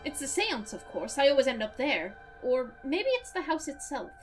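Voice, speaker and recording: Rich: An earnest middle-aged doctor from a video game, voiced in an Irish accent by a woman reading the part aloud. He lectures in a precise manner, and the voice is fairly high for a man. Faint violin music plays underneath. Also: very animated, normal speed. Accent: put-on Irish. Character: middle-aged male doctor, curious about spirits.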